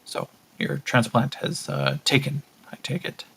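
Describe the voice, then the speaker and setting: A man's voice: mid-range voice, steady tone, unhurried, gravelly, fairly bright tone, slight background noise. A man doing a cold, commanding male captor. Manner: clipped, commanding, menacing. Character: cold, controlling male captor running a fight.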